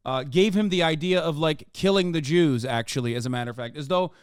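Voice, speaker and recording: A man's voice: a little high, brisk, clear, resonant tone, no echo, clean studio sound. A man hosting a casual reaction stream, talking heatedly and profanely, his voice climbing when outraged. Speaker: streamer host.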